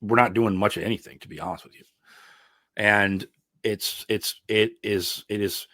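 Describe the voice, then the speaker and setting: A man's voice: on the low side, fairly even intonation, normal speed, pushed and bright, no room sound, clean studio sound. A man who is an ironworker and mentor, a podcast guest, giving earnest, emphatic advice with frequent fillers. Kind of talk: casual interview chat.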